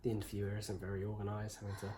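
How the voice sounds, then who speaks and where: A young English-accented husband answers questions about himself in a casual chat, joking dryly and teasing. His voice is fairly low, monotone and mellow, delivered rapid-fire, with a little hiss or hum in the recording.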